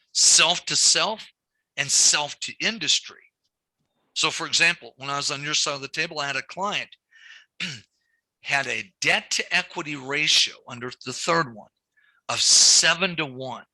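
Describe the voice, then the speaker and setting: Bright, animated male banking instructor. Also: fairly high pitch, normal speed, no echo. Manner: animated storytelling, repeats key points. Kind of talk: classroom lecture.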